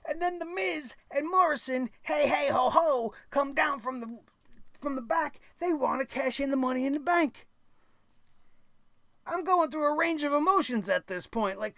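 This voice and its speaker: A man's voice: sits high, creaky, fairly bright tone, dry recording. A man reviewing a wrestling show in a blunt, crude, exasperated rant full of sarcastic asides. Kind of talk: opinionated recap rant.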